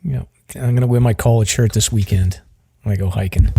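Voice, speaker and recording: A man's voice: on the low side, fairly even intonation, a little fast, gravelly, warm tone, slightly rough. A man hosting a casual podcast and interviewing guests, chatty and rambling. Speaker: podcast host, search and rescue volunteer.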